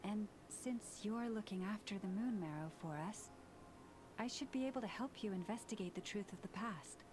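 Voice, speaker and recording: A woman voicing a calm, earnest community leader who speaks in a measured, gentle way in a video game. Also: mid-range voice, noisy background, lightly acted. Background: game music.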